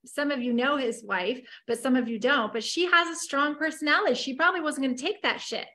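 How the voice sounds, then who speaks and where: A woman hosts an interview with a bright, forceful tone. She asks probing questions and reflects the guest's feelings back to him. Her voice sits a little higher than most women's. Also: brisk. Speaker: interview host. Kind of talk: conversational interview.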